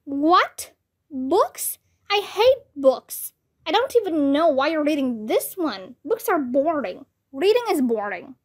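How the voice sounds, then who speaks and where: A woman doing a shrill, book-hating schoolboy. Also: very animated, slow, full character voice. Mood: protesting. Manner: loud, protesting, exclamatory. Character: whiny schoolboy who hates reading.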